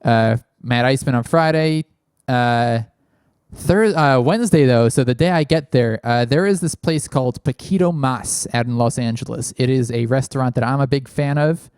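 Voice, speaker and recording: A man's voice: medium pitch, normal speed, a little mellow, clear, resonant tone, no echo. Casual man rambling into a big studio mic. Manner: rambling, many fillers. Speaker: podcast host. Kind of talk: casual call-in chat. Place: small unfinished studio. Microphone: large studio mic, spoken into closely.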